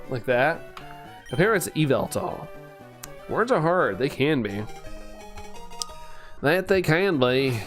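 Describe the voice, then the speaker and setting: A young man streaming, chatting casually and playfully, rambling, tripping over words and laughing at himself. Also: medium pitch. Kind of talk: casual live-stream chat.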